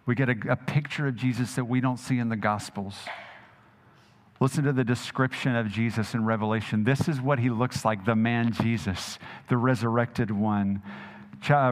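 A male pastor preaching a sermon in a conversational, animated way, asking his listeners questions and repeating words for emphasis. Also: medium pitch. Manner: conversational, asks the audience questions.

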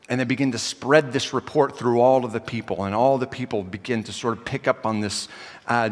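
A man preaching a sermon, his voice swinging from loud passages to quiet, intimate ones. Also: on the high side, big-room sound. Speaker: pastor.

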